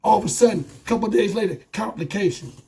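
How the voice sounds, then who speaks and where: Hoarse man ranting bluntly. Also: high voice, fast talker, mellow. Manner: blunt, profane, impassioned ranting. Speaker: YouTube commentator. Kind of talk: angry commentary vlog. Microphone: wireless lavalier.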